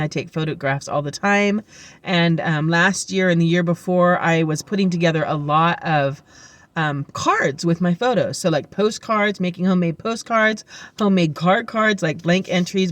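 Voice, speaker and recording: A woman vlogging to camera, telling chatty, rambling stories full of fillers, upbeat and heartfelt. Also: on the low side. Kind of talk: casual chat to camera.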